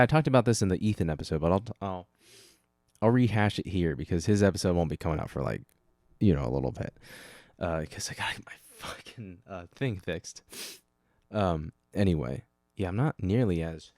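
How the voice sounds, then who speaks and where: A young man with a low, mellow voice talks through a solo podcast in a loose, wandering way. He keeps cutting himself off and tossing in casual swears. The sound is close and dry, with no room around it. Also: no room sound. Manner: rambling, self-interrupting, casual swearing. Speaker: podcast host.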